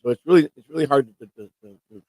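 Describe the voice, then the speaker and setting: A man's voice: medium pitch, racing, darkish tone, dry recording, rough recording. A man from Chicago co-hosting a casual live stream, rambling, repeating himself and trailing off. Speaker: co-host.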